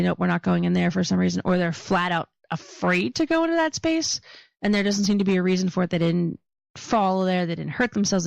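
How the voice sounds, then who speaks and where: Woman, Philadelphia accent, low voice with gravelly fry, dry close sound, chatty and joking. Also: no room sound, muffled recording. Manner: chatty, joking, laughs often. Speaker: podcast co-host. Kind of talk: casual chat.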